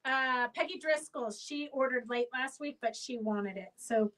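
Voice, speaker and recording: A woman's voice: fairly high pitch, measured pace, fairly bright tone, distant mic, poor audio. A woman who owns a fabric shop hosts a live sale stream, chatting in a rambling way and calling out auction winners by name.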